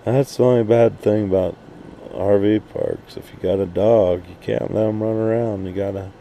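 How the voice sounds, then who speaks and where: A man's voice: fairly low pitch, fairly even intonation, normal speed, gravelly, warm tone, a little hiss or hum. A man in a profane, blunt, rambling casual rant, recorded outdoors at night at an RV park. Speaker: RV vlogger.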